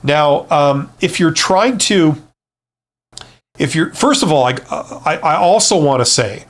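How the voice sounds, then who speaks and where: A man's voice: on the high side, expressive, takes it slowly. A middle-aged man hosting a live Q&A, chatting casually with many fillers and restarts, blunt and reassuring. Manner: blunt, joking asides. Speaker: livestream host, former CEO.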